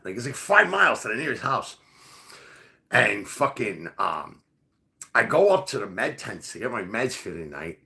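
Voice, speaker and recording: Man, gravelly voice, lively swinging pitch, loose profane storytelling. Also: normal speed. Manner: profane, rambling, full of fillers. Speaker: podcast host. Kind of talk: casual storytelling.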